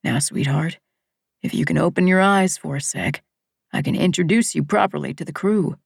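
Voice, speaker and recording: A woman voicing a gentle fatherly boat rescuer. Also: low-pitched, moderate pace, creaky, slightly rough, no echo, studio quality, heavily acted. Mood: gentle coaxing. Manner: gentle, drawling, coaxing. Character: kind middle-aged male boat rescuer, fatherly. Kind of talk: audiobook character voice.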